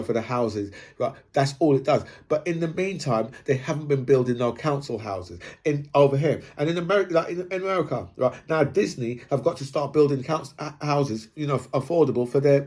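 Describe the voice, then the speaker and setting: A man's voice: medium pitch, darkish tone, breathy edge. A man ranting casually in a rambling monologue, swearing and tagging his points with "right?".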